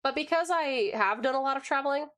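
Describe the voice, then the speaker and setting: A woman's voice: high voice, quick pace, a bit bright. An American woman in casual chat on a livestream from home, rambling and laughing often as she answers chat. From United States.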